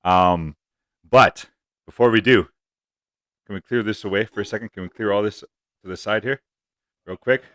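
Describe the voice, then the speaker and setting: A young man hosts a laid-back sports podcast in a deep, low voice. He rambles through his stories and swears freely. The sound is close and dry. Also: moderate pace, pauses often, fairly bright tone, dry recording. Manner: loose, profane, rambling storytelling. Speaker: podcast host. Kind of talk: casual podcast chat.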